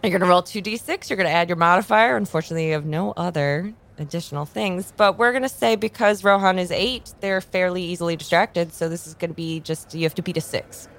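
A woman game master calmly explaining dice rolls and rules to the players. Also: fairly low pitch, slight background noise. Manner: measured, explanatory.

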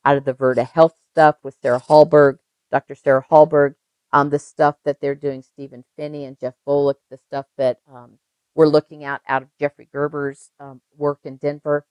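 A woman's voice: deep voice, level tone, normal speed, a little mellow, no room sound, lo-fi sound. An older woman, a registered nurse, telling stories emphatically in an interview and repeating phrases for effect. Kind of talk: conversational interview.

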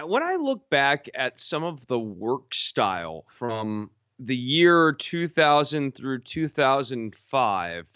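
A man's voice: fairly high pitch, fairly bright tone, no echo, muffled recording. A man co-hosting a podcast, giving critical, analytical takes in casual chat. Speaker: podcast co-host.

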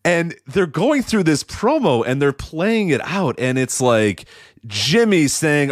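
Male podcast co-host, animated and mocking, fairly high voice with a dry sound. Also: slow pace, no echo. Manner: animated, mocking, acts out quotes. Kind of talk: casual wrestling podcast chat.

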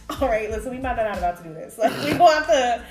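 Animated laughing young woman, roomy sound. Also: on the high side, quick pace. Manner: slangy, laughs often, animated storytelling. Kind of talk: casual chat. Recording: echoey room with music underneath.

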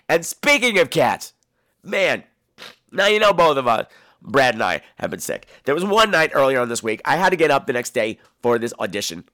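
A man with a voice on the high side hosts a podcast, delivering a casual monologue of campy, theatrical stories with plenty of swearing. His animated storytelling is captured in studio quality with no echo.

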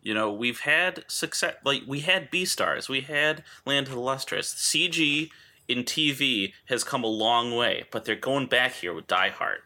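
A man co-hosting a podcast in casual chat, tossing in deadpan wisecracks. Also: mid-range voice, measured pace. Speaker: podcast co-host.

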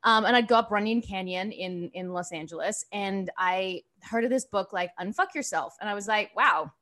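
A woman's voice: medium pitch, normal speed, fairly bright tone. A woman in her thirties hosting a podcast, chatty and bubbly, her sentences full of "like". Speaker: podcast host. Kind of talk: casual podcast chat.

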